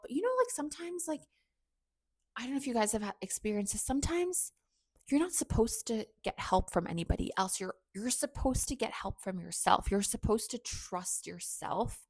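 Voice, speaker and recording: A woman's voice: medium pitch, dry recording, studio quality. A young woman hosting a podcast, telling a personal story in a candid, chatty way, full of "like" and self-mocking asides. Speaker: podcast host.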